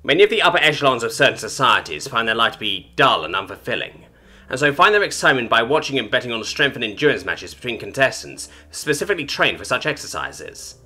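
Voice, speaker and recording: A man's voice: medium pitch, sing-song, quick pace, sharp tone, soft background music, exaggerated voice. A man voicing a haughty, cold female alien information broker in a storybook reading, with clipped, formal, disdainful speech. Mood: weary, haughty.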